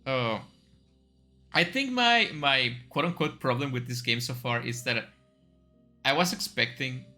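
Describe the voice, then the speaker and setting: A man plays through a story game, reading its narration aloud and dropping casual asides between scenes. His voice is bright and forceful, with a middle pitch, and faint music plays underneath. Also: expressive, measured pace. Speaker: streamer playing a story game. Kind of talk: let's-play reading and commentary.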